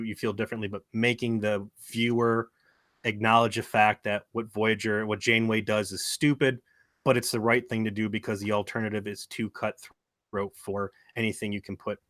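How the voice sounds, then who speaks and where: A man's voice: fairly low pitch, bright, forceful tone, no room sound, studio quality. A man co-hosting a podcast in casual chat, with a wry, joking delivery. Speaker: podcast co-host.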